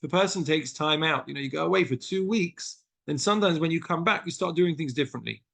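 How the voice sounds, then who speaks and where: Speaking fast with vocal fry, a British man with a fairly bright, higher-pitched voice reads texts aloud to his study class. As their rabbi, he explains each passage earnestly, weaving in stories along the way.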